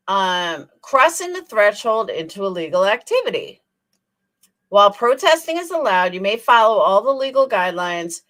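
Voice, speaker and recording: A woman's voice: medium pitch, a bit bright. A woman hosting a commentary channel, reading legal text aloud and mocking the people she reacts to with sarcasm.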